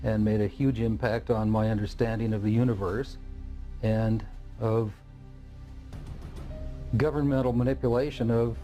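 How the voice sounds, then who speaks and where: Man, dark mellow voice, earnest interview testimony, soft music behind. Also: fairly low pitch, level tone, a little slow, pauses often. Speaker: former Air Force witness.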